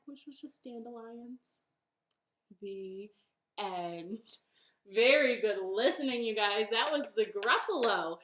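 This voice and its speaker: A female children's librarian reading a storytime from her living room, with a gentle, encouraging manner. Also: a little high, roomy sound.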